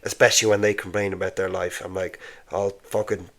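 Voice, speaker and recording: A man's voice: low voice, little pitch movement, fast, a bit bright. A man, a comedian guest in casual podcast chat, rambling with lots of filler words and laughing often.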